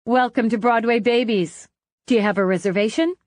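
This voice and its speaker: Bright bubbly hostess gal as a lady narrator puts her on, high and eager, dry close audiobook sound. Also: brisk, no room sound, lightly acted. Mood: chirpy. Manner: eager, chirpy. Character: bubbly young female restaurant hostess. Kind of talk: audiobook character voice.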